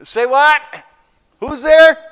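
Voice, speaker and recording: A man voicing a panicked hiker who has slipped off a cliff and is yelling for help. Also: very high voice, fairly even intonation, takes it slowly, pitched above the performer's own voice, heavily acted.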